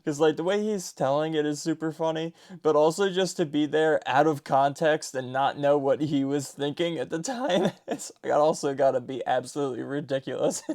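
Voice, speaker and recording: A man's voice: fairly high pitch, moderate pace, few pauses, darkish tone. A man casually commenting as the host of a reaction video, laid-back and amused.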